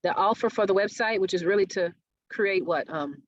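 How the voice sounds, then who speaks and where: A woman's voice: medium pitch, moderate pace, no room sound. Woman teaching a marketing workshop. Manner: engaging, asks audience questions often. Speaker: marketing speaker. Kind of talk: business workshop presentation. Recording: dull, dry webinar audio.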